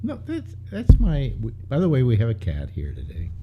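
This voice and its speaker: A man hosting a live talk show, rambling and halting in casual chat, on dull lo-fi audio. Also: mid-range voice, wildly swooping pitch, background noise. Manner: rambling, halting, laughs easily.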